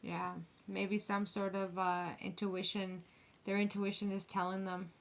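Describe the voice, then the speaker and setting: A woman's voice: mid-range voice, flat delivery, unhurried, slight background noise. A woman giving a casual tarot reading, blunt and profane, talking straight to the viewer and stressing her points. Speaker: tarot reader.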